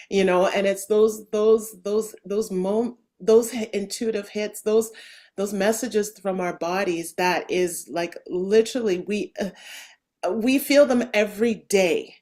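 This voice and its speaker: A woman's voice: medium pitch, normal speed. Enthusiastic woman podcast host. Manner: enthusiastic, animated, many fillers and restarts. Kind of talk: casual interview chat.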